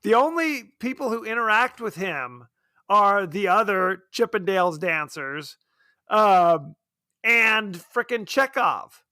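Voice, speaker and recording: Podcast co-host, male, high and bright voice, dry close sound, sarcastic joker. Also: lively intonation, slow pace, dry recording. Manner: sarcastic, joking, laughs often. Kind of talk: casual film review chat.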